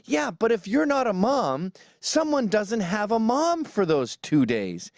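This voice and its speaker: A man's voice: sits high, very animated, unhurried, few pauses, darkish tone, dry recording, studio quality. A man giving a sarcastic, ranting comedic commentary, mocking as he goes. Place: New York.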